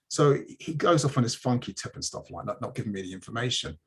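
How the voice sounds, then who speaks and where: A man's voice: medium pitch, animated, quick pace, breathy edge. A man hosting a community news livestream, chatting casually and telling stories with plenty of fillers and restarts. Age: adult, married.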